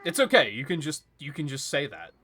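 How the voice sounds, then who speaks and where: A man's voice: medium pitch, very animated, a little fast, fairly bright tone. A young man streaming a video game, chatting casually with viewers in a rambling, exasperated way. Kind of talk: casual gaming stream chat.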